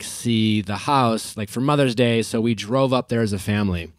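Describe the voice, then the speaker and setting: A man in his forties hosting a podcast from a hotel room, telling a personal story in an easygoing, halting way with frequent restarts. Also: fairly low pitch, clear, resonant tone, no echo, clean studio sound. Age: 40s. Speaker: podcast host. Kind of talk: casual podcast chat.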